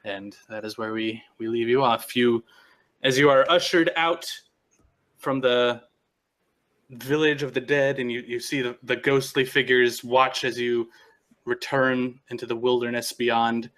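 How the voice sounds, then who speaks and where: A man narrating a tabletop game as game master, his voice bright and clear at a middle pitch. He tells the story loosely, circling back and restarting phrases as he goes. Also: fairly even intonation, unhurried.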